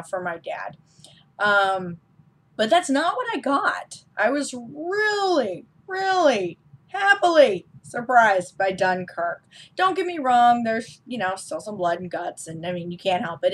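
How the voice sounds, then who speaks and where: Vlogger woman, mid-pitched, chatty and upbeat, talks through her film opinions with lots of ums. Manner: chatty and enthusiastic, frequent ums. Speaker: film reviewer. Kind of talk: casual vlog review.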